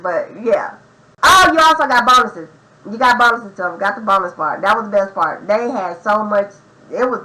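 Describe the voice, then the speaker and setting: A young adult woman telling a profane, slang-heavy story in an animated, casual storytime vlog. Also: on the high side, rough recording. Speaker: vlogger.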